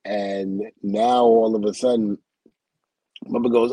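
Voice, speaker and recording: A man from the United States, a guest in an interview, telling a lively story full of acted-out quotes and laughs. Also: lowish voice, slow, no echo, lo-fi sound. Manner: animated storyteller who acts out quotes and laughs often. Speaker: interview guest, former wrestler.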